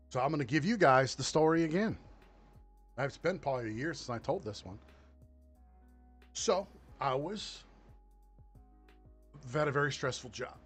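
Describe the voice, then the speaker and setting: A man hosting a casual commentary show, ranting in a profane, mocking, animated way. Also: mid-range voice. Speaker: commentary host. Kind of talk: casual political rant.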